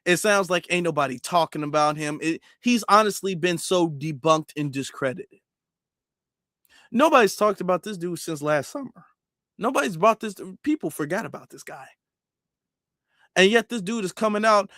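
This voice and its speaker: A man's voice: sits high, animated, normal speed, pauses often, fairly bright tone, dry recording, clean studio sound. A man doing emphatic live-stream commentary, repeating himself and firing rhetorical questions. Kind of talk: live-stream commentary reading super chats.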